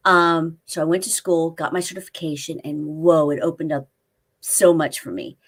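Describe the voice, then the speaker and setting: A woman's voice: low-pitched, moderate pace. A woman in her fifties, a life coach and guest, chatting casually and telling stories, acting out quoted dialogue. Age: 50s. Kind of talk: casual interview chat. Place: spare room at family home.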